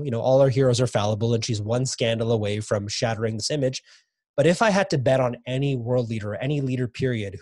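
A man being interviewed about his book, talking enthusiastically and repeating words when he gets excited. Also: mid-range voice, no echo, studio quality. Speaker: guest author. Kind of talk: casual podcast interview.

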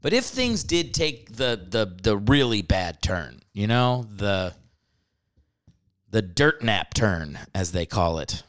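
Animated ranting podcast host, a man. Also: lowish voice, slow pace. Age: adult, married. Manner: animated, swearing, mock-ranting, with joking asides. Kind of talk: comedic podcast rant.

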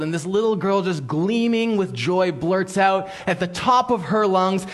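High-voiced storytelling pastor. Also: male voice, expressive, fairly bright tone. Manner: storytelling with quick restarts and playful character quotes. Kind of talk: sermon.

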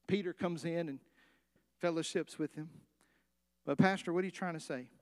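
High-voiced preaching man. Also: normal speed. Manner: animated preaching, acts out story voices, asks the congregation questions. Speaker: pastor. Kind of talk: sermon.

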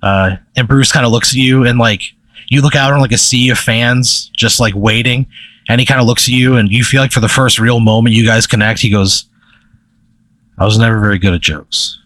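A man's voice: medium pitch, steady tone, fairly quick, a bit bright, no echo. Man spinning a rambling comic story. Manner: rambling, lots of "like" and "right?". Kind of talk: casual comedic storytelling.

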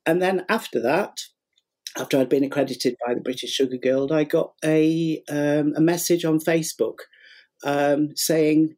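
A man's voice: fairly high pitch, fairly even intonation, a little slow, a little mellow. A middle-aged man telling a long story in a casual interview, rambling with fillers and acting out what people said. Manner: rambling, many fillers and repeats, acts out quotes. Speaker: guest, sugar flower artist and teacher.

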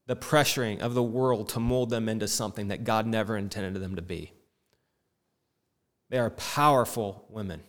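A man's voice: lowish voice, normal speed, a bit bright. A middle-aged man preaching a sermon with impassioned, rising and falling delivery. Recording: long reverb in a hall.

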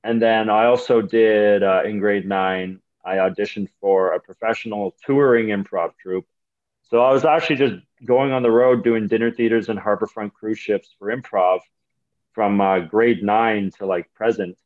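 A man's voice: lowish voice, moderate pace, narrow, tinny audio. A young man, a comedian telling rambling, profane stories in a casual podcast chat. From Canada. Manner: rambling, profane, animated storytelling. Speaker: comedian guest.

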